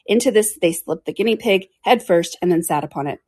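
Brief: woman storyteller, breathy-husky tone, steady read-aloud. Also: on the low side, brisk. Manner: clears throat now and then. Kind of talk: reading a classic storybook aloud.

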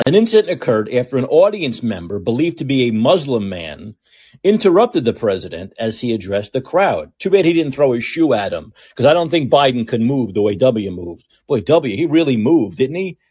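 A male podcast host rants through political commentary in a sarcastic, mocking tone. His slightly husky voice swings widely in pitch as he jabs at his targets. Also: dark tone.

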